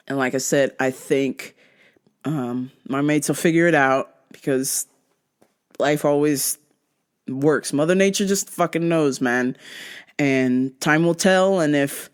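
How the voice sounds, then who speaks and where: A woman's voice: low voice, clear, resonant tone. A young American woman in casual chat, swearing freely, laughing often and slipping into British slang. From United States. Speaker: vlogger.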